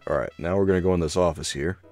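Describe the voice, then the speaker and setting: Low-voiced man chatting over a game. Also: very fast, darkish tone, soft background music. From United States. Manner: chatty, joking with viewers. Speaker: let's play host. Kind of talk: casual gameplay commentary.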